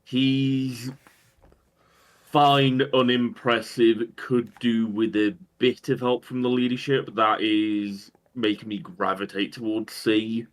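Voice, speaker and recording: A man's voice: mid-range voice, flat delivery, slow pace. A man co-hosting a casual tabletop game discussion, giving dry, understated opinions. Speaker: podcast co-host.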